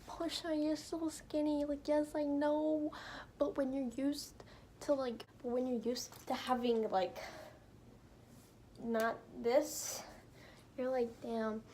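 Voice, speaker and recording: A woman's voice: high voice, little pitch movement, takes it slowly, dark tone, slight background noise. Chatty young woman, casual and profane. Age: young adult. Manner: chatty, profane, says like a lot. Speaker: vlogger. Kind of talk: casual vlog chat. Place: in her car.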